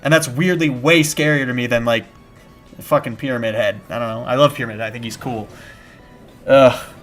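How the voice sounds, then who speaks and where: A young man chatting casually on a live gaming stream, rambling and restarting his sentences, with bursts of shouted panic. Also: mid-range voice, steady tone, brisk. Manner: rambling and self-interrupting, with sudden shouted panic at scares. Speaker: game streamer. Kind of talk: casual live-stream chat while playing. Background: background music.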